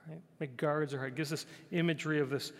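A male pastor preaching a conversational sermon. He repeats phrases, often asks "right?", and sometimes drops to a soft, quiet voice. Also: fairly high pitch, fairly even intonation, quick pace. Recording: long hall reverb.

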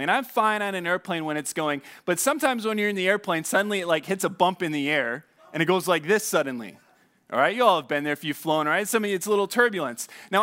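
A man with a fairly high voice preaching a sermon in a conversational, animated way. He keeps asking his listeners questions and drops low and quiet when he drives a point home. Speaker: pastor.

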